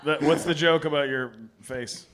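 A man's voice: on the high side, fairly even intonation, moderate pace, very noisy. A man on a comedy panel, chiming in with playful jokes. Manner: playful, jokey.

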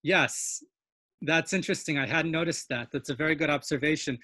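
A woman's voice: low-pitched, a little fast, sharp tone, dry recording. A woman teaching an online webinar on Yiddish dialects over a video call, explaining word origins with eager enthusiasm and frequent "um"s. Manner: enthusiastic, self-described nerd, explains with many fillers.

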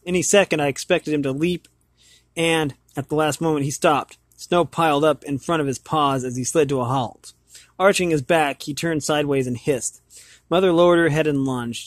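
A man's voice: a little high, dry recording. A man reading a children's book aloud as host of his channel, hesitant, with many fillers and repeated words.

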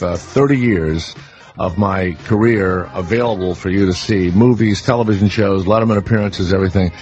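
Blunt Southern-accented radio host. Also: male voice, lowish voice. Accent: American Southern. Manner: blunt and profane, rambling. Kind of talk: casual talk radio chat.

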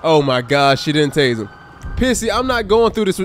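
A male streamer with a high, bouncy voice that swings all over as he reacts. He plays a highway patrol officer in a game and chats loosely with his audience. Faint game noise hums behind him. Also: normal speed. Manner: animated, exclaiming, talks to chat and game characters. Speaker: streamer role-playing a state trooper. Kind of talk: casual live-stream gameplay chat.

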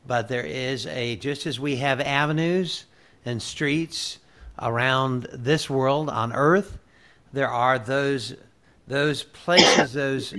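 A man hosting an interview, speaking in a measured way and pausing to search for the right word. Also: mid-range voice, fairly bright tone. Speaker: interview host. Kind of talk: conversational interview.

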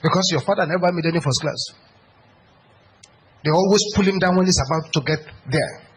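High-voiced emphatic pastor. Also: male voice, fairly quick, a little hiss or hum, low-quality recording. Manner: emphatic, repetitive, rises to shouted prayer. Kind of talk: sermon.

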